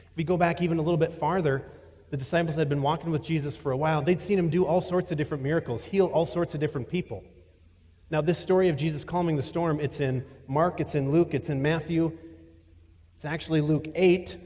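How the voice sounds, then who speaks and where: A man preaching a sermon as a pastor, telling a story in a voice that swings from loud to hushed. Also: fairly high pitch, big-room sound. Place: church.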